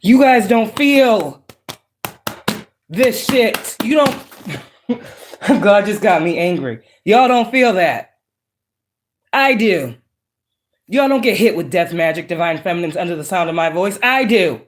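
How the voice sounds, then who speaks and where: A woman's voice: medium pitch, expressive, slow pace, pauses often. A woman giving a profane, emphatic, preachy casual monologue as a psychic tarot reader. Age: adult with children.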